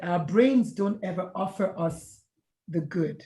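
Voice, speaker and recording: A woman's voice: lowish voice, lively intonation, takes it slowly, mellow, soft background music. A middle-aged woman, a retired pediatrician turned life coach, reflectively sharing her story in an interview and acting out past conversations. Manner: reflective, earnest, retells conversations in dialogue. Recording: echoey room sound.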